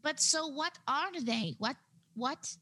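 A woman playing a tabletop game, describing her character's gestures step by step in a halting way. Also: high-pitched, animated, sharp tone. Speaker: player.

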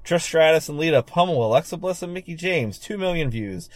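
A man's voice: a little high, lively intonation, brisk, no echo. A man co-hosting a casual wrestling podcast, laid-back, often chuckling, running through numbers. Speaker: podcast co-host.

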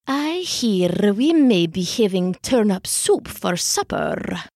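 A woman voicing a calm, languid female cat in a storybook, speaking with a purr. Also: mid-range voice, slow pace, dry recording, clean studio sound, pitched below the performer's own voice, heavily acted. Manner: languid, purring.

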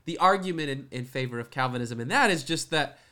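A man co-hosting a podcast, talking in a casual, animated way about faith and often breaking into laughter and jokes. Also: mid-range voice, fast. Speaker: podcast co-host.

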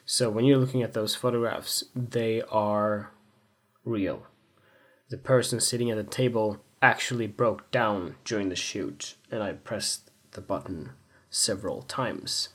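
A man's voice: lowish voice, measured pace. Candid, rambling young man musing aloud. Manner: candid, rambling, swears freely, self-mocking humor. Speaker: photographer. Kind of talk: casual reflective monologue.

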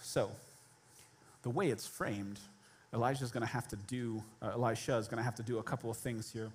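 A man in his thirties preaching a sermon as pastor, telling a biblical story in an animated way and acting out its characters. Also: mid-range voice, a little fast, breathy edge.

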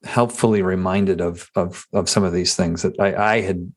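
A man with a low voice hosts a casual podcast interview. He stumbles and restarts his sentences often as he searches for words. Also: fairly even intonation. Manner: halting, many restarts and fillers. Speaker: podcast host.

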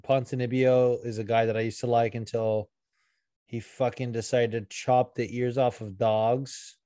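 A man's voice: medium pitch, little pitch movement, measured pace, dark tone, no echo, studio quality. A young man co-hosting a podcast, chatting casually and profanely about fights with lots of filler words. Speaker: podcast co-host.

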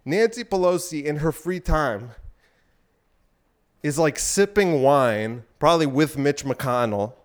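A man's voice: a little high, animated, slow. Ranting young man, crude and rambling. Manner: crude, ranting, profane, with frequent asides; talking while exercising on an elliptical. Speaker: podcast host. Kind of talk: rambling solo podcast talk.

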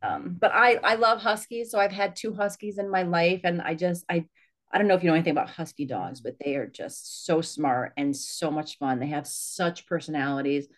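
A woman's voice: fairly low pitch, normal speed. A woman author chatting casually as a podcast guest, talking fondly and laughing easily. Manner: chatty and warm about her pets, with laughs.

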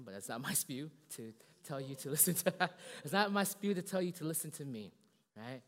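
A male pastor giving a casual, animated sermon full of fillers and self-deprecating jokes. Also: on the high side, moderate pace, in a large hall.

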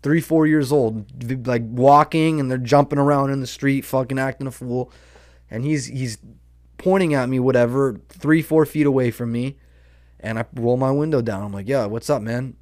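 In a studio-quality recording with no echo, a young podcast host tells a story in a casual monologue. His mid-range, darkish voice moves at a moderate pace as he rambles along, swearing and using plenty of slang.

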